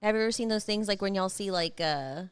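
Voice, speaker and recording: A woman's voice: mid-range voice, fast, clean tone, no room sound. A woman co-hosting a casual podcast, chatty and teasing as she reacts to a wrestling show. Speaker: podcast co-host. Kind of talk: casual chat watching wrestling.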